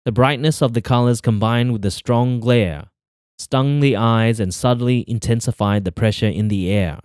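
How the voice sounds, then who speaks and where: A man reading a novel aloud as an audiobook narrator in measured, even storytelling. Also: medium pitch, clear, resonant tone, no room sound, studio quality. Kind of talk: scripted narration.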